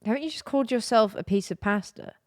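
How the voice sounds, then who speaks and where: A woman's voice: on the high side, fast, dry recording. Chatty woman streaming, dry sound. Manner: chatty, giggly, rambling. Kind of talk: casual stream chat.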